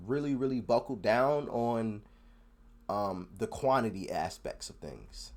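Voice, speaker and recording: A man hosting a reaction video in casual commentary, excitable and often repeating himself as he talks to viewers. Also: mid-range voice.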